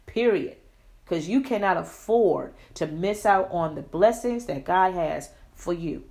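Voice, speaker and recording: A woman's voice: lowish voice, animated, measured pace, darkish tone. A woman hosting an inspirational Christian podcast, exuberant and preacherly, calling listeners "beloved" and "Shugs". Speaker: podcast host.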